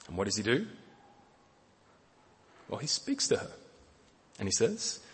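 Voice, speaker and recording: A middle-aged man preaching a sermon in a gentle way, often repeating words and using fillers. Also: fairly low pitch, big pitch swings, normal speed, pauses often, breathy edge. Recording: long hall reverb.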